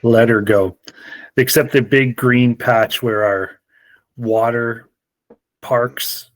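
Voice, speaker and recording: A man's voice: mid-range voice, fairly even intonation, slow pace, no echo. A man co-hosting a sports podcast, easygoing and chatty in casual talk. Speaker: podcast co-host.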